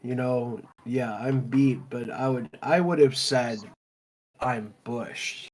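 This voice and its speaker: A man's voice: mid-range voice, slow. A man streaming a game, casually handing out loot to his raid group and chatting as he goes. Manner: relaxed, talks loot through aloud.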